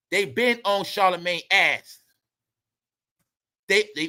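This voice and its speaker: Man host, high bright voice, heated swearing gossip rant that keeps repeating its points. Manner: heated, swearing, repetitive and preachy. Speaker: commentary channel host. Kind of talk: ranting celebrity gossip commentary.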